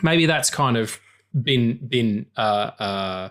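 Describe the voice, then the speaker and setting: Australian man, podcast host, casual chat, swears a lot, lively storyteller. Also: medium pitch, slow. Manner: animated, swearing, jokey storytelling.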